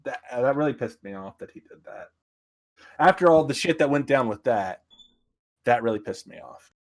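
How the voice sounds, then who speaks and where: A man's voice: mid-range voice, expressive, normal speed. Cursing man ranting on a livestream. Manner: swears a lot, rants then apologizes. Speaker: podcast co-host. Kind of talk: casual livestream chat.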